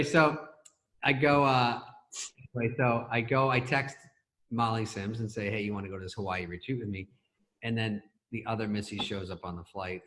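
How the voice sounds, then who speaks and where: A middle-aged man telling stories as a talk show guest over a video call, laughing through them and doing quick impressions of other people. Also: fairly low pitch, fairly bright tone. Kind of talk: casual anecdote telling.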